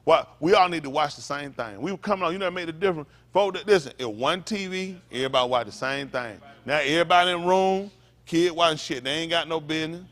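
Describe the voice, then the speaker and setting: Here a pastor on the high side of the male range preaches at a quick pace with a fairly bright tone. His fiery street-talk sermon is full of blunt, profane rhetorical questions aimed at the congregation, plus joking asides.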